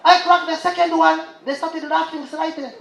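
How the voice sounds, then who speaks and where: A man doing a lively stand-up set, telling a story and bursting into exclamations. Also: extremely high pitch, measured pace, creaky, a little hiss or hum. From Uganda. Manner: animated storyteller, exclaims and imitates laughter. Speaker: stand-up comedian. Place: live comedy show stage. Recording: roomy live venue with audience.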